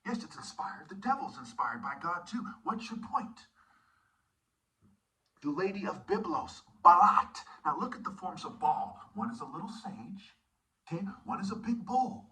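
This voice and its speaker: A man's voice: sits high, big pitch swings, moderate pace, sharp tone, recorded from a distance, rough recording. A man preaching an intense sermon monologue, often dropping into whispered asides. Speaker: self-styled preacher.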